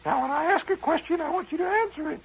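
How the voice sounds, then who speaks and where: A woman's voice: extremely high pitch, quick pace, vocal fry, highs cut off, voice pushed up. A male radio storyteller voicing a strict, stern female first-grade teacher who scolds and insists on her rules. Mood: scolding.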